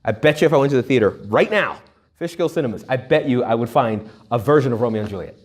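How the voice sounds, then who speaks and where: A man speaks at a medium pitch to a retreat audience in a loose, joking style. He throws in quick acted-out voices and asides, and keeps the talk moving with humor. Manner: jokey, animated, acts out little quoted voices. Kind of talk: humorous conference talk to young adults.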